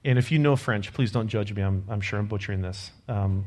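A man with a somewhat low voice delivers a sermon. He talks in an earnest, conversational way. He shifts into a quiet, heartfelt prayer at the close. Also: fairly quick, few pauses. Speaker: preacher. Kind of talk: sermon with personal story.

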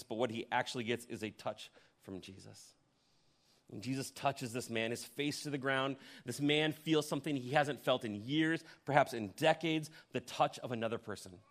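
A male pastor preaching a sermon who tells the story vividly, swings from loud emphasis to hushed near-whispers, and puts questions to his congregation. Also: mid-range voice, moderate pace. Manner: addresses the congregation directly with questions.

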